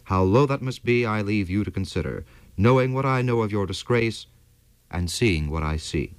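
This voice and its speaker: A man's voice: mid-range voice, expressive, brisk, no echo, close to an everyday voice. A man reading aloud, voicing a young army captain who speaks with grave, earnest reproach. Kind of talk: audiobook character reading.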